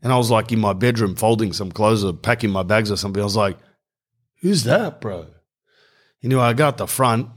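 A man's voice: on the low side, fast, hardly any pauses. A man telling a rambling comic story with self-mocking asides.

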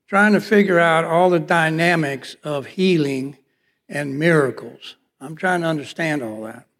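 A pastor with a fairly high, slightly bright voice preaches from the pulpit, his words ringing with the long reverb of a big hall. Sharing a personal testimony, he tells it as a story and acts out the voices of the people in it.

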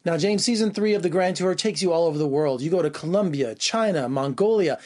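Eager high-voiced interviewer. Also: male voice, fairly quick, a little mellow. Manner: eager, upbeat, self-deprecating. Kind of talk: entertainment interview.

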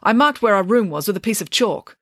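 A woman reading aloud, voicing a nervous, excitable teenage schoolgirl who speaks earnestly. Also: mid-range voice, brisk, dry recording, clean studio sound, pitched above the performer's own voice. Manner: anxious and earnest.

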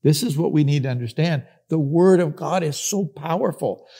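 Middle-aged male Bible teacher, mellow low-bright timbre, emphatic sermon delivery with repeated lines. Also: moderate pace, creaky, breathy edge. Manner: emphatic, repeats key phrases, acts out quoted speakers.

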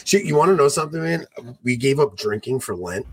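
A man in his forties co-hosting a podcast, telling stories in a lively, animated way and acting out what people said. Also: medium pitch, brisk, a little hiss or hum. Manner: animated storyteller, acts out quoted voices. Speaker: podcast co-host. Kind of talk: casual chat.

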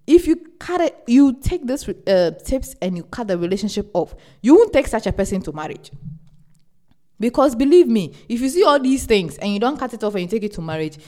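A young woman hosting a podcast, giving casual relationship advice in an animated, emphatic way and repeating words for stress. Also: on the high side. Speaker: podcast host.

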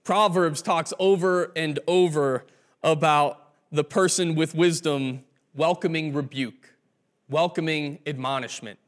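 A male pastor delivering a sermon in a relaxed, conversational storytelling way. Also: a little high, measured pace.

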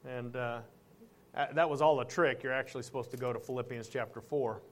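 A middle-aged man preaching a sermon as pastor, talking to the congregation in a conversational way and slowing down to read scripture aloud. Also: medium pitch, steady tone, background noise.

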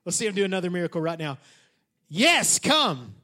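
A male pastor preaching a sermon in an animated, conversational way, often turning to the congregation with questions. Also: sits high, rapid-fire.

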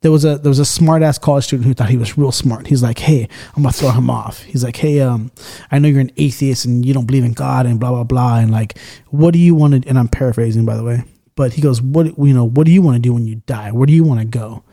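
A male podcast host chats casually in a mellow, mid-range voice at a quick pace. He's loose and swears often while telling stories and acting out the people in them.

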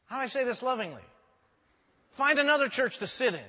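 A pastor with a high, bright voice delivers a sermon from the pulpit, a little fast and animated, telling stories and slipping in joking asides. His voice rings through a large echoing hall, sounding muffled and dull, with a little hiss or hum.

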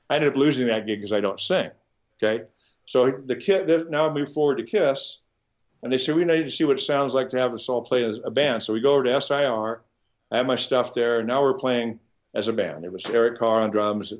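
A man's voice: medium pitch, highs cut off. A man from Nebraska, a guitarist, telling rambling stories in a casual interview, with many restarts and the occasional swear word. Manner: rambling, animated anecdotes with frequent restarts and swearing. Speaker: guitarist guest.

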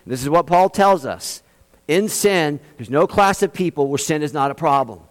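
A man preaching a sermon as a pastor, emphatic, speeding up for asides and slowing to stress key phrases. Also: fairly high pitch, animated, long reverb tail. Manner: emphatic, shifts between quick asides and slow stressed phrases. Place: church in Austin, Texas.

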